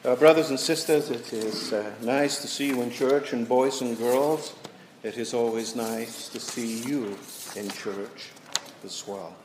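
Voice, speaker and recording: Slow-preaching pastor in an echoey church. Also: male voice, mid-range voice, noisy background. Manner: slow, deliberate preaching with dramatic pauses. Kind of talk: sermon.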